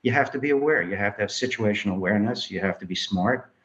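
A man's voice: on the low side, fast talker, highs cut off. A man from New York, a filmmaker, telling his life story in an interview and acting out the voices of people in it. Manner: animated storyteller acting out quoted dialogue.

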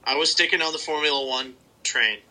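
A man's voice: on the high side, a little fast, bright, forceful tone, soft background music, poor audio. A young man co-hosting a sports podcast, laid-back and wry in casual banter. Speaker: podcast co-host.

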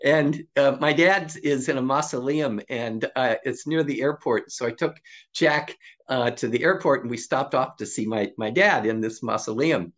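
An older man, a psychologist guest on an interview podcast, telling stories casually and acting out quoted dialogue with lively jumps in pitch. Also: normal speed. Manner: animated storyteller who acts out quoted dialogue with rising pitch.

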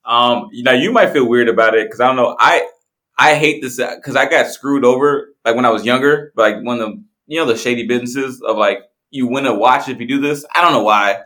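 A young man co-hosting a podcast, joking loudly, swearing and laughing in casual chat. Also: mid-range voice, a little fast. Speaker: podcast co-host.

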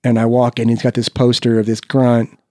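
A man from Iowa in his forties tells a story in a relaxed podcast chat, his pitch sitting in the middle. He acts out the people in his story with lively, loose energy and swears freely. The sound is dry and close, with no room around it. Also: a little fast, dry recording. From Iowa, United States. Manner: animated storyteller who acts out the people he quotes; swears freely, peppers speech with "right?". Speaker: guest.

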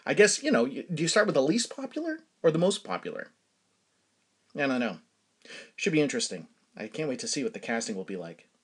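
A man's voice: mid-range voice, big pitch swings, brisk, breathy edge. A middle-aged man from Massachusetts hosting a podcast, telling rambling stories in casual chat and laughing often. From Massachusetts, USA. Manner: rambling storytelling with frequent laughs. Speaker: podcast host. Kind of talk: casual solo monologue.

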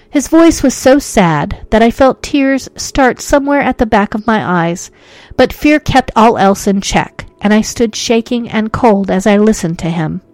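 A woman's voice: a little high, lively intonation, unhurried, a little mellow, no room sound. A woman reading a ghost story aloud as narrator, with dramatic, suspenseful delivery.

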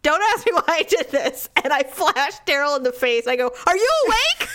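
A woman's voice: high voice, a little fast, fairly bright tone. A woman co-hosting a podcast, telling a long, rambling story with frequent laughter in casual chat. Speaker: podcast co-host.

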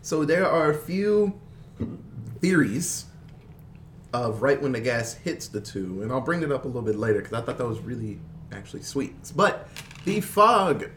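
A man's voice: mid-range voice, moderate pace, slight background noise. A man casually retelling a zombie film plot, laughing often and acting out the characters' lines. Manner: animated storyteller, laughs often, mimics characters. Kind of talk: casual movie recap chat.

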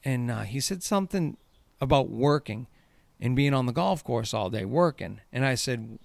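A man's voice: mid-range voice, lively intonation, normal speed, creaky, a little mellow, no room sound. A man hosting a podcast, telling stories in a casual chat, laughing and swearing freely. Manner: laughing, profane storyteller. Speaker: podcast host.

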